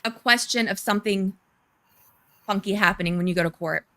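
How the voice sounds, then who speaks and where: A woman's voice: mid-range voice, brisk, bright, forceful tone. A woman chatting casually on a remote call, explaining legal points in a plain, conversational way. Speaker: co-host discussing a court case.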